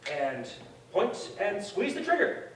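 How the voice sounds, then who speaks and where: An actor playing a calm, persuasive schemer who explains the plan matter-of-factly in a live stage comedy. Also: male voice, high-pitched, slow pace, full character voice. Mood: smooth. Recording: distant stage mic, echoey theater, noise.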